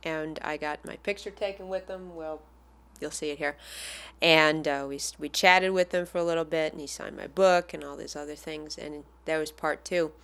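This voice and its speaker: A woman casually telling a personal anecdote as a fan, animated and acting out the people she quotes. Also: sits low, normal speed. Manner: animated, acts out the voices of the people in her story.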